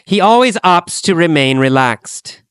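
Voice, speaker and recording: A man teaching an English lesson, speaking slowly and deliberately and repeating phrases for learners to copy. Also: a little high, lively intonation, fairly bright tone, clean tone, no room sound. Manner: slow, deliberate, repetitive drilling.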